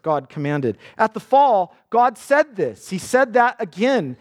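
Animated high-voiced male preacher. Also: measured pace. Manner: animated preaching, voicing scripture dramatically. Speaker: pastor. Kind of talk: sermon.

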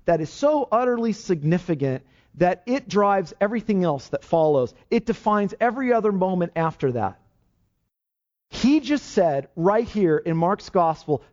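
A man preaching with emphasis, his fairly high voice swinging up and down as he fires rhetorical questions. The recording sounds dull and lo-fi. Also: a little mellow. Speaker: pastor. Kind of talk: sermon.

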